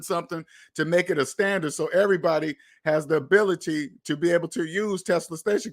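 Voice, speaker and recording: A high, fairly bright male voice carries this casual finance commentary. Speaking directly to his viewers, the channel host is emphatic and repetitive, dropping the odd swear word.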